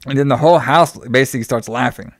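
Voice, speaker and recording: A man's voice: medium pitch, fast, creaky, no echo, studio quality. A man casually recapping a horror movie with a co-host, rambling with lots of fillers and swearing.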